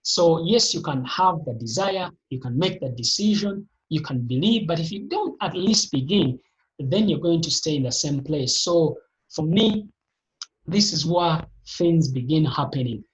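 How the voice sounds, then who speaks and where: A motivational speaker giving an emphatic, repetitive talk in a live online session, with sudden upward pitch jumps, heard over a video call. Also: lively intonation, unhurried, highs cut off.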